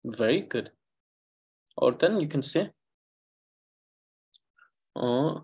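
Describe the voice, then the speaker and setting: A man with an Eastern Tibetan accent teaching a language class over a video call, pausing often with fillers as he thinks aloud. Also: mid-range voice, animated, gravelly, darkish tone, breathy edge. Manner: halting, many fillers, thinks aloud while explaining.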